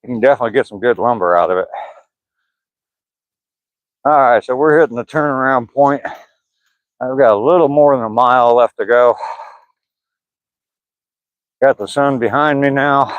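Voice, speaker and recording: A man's voice: mid-range voice, no echo, phone-quality sound. Easygoing older Southern man on a walk. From Southern US, Georgia. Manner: easygoing, rambling, chuckling, reading chat aloud. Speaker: vlogger livestreaming a walk. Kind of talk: casual livestream chat while walking. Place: outdoors on a walking trail by pine woods. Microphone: phone camera held while walking.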